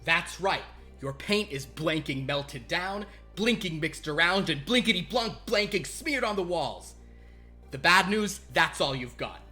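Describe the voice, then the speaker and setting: A man's voice: moderate pace, faint music behind. A man voicing an arrogant, abusive male cartoon wristwatch boss who barks and brags at his workers. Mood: bullying. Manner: loud, bullying, barking sales-pitch rant.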